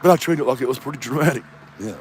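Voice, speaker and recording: In a rapid-fire, mid-range voice, a fifty-something comedian vlogger rambles and swears through a self-mocking solo vlog. He records outdoors in a front yard as traffic passes.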